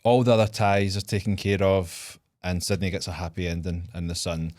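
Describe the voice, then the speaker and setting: A man's voice: low-pitched, little pitch movement, brisk, a little mellow, no echo, clean studio sound. A man co-hosting a casual podcast, laughing often as he lays out long fan theories. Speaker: podcast co-host. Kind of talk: casual chat.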